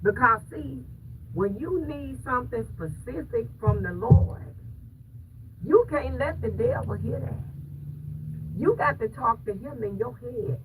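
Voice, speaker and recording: A woman's voice: on the high side, lively intonation, a little slow. A woman telling her viewers a story in an emphatic, preachy way, often stopping to ask if they hear her. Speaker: vlogger. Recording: distant mic with clear background noise.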